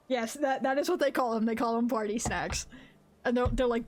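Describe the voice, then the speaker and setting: A woman live-streaming a game, chatting casually with her viewers in an excitable, laughing way. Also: on the high side, fairly quick, soft background music. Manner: greets chat viewers mid-game.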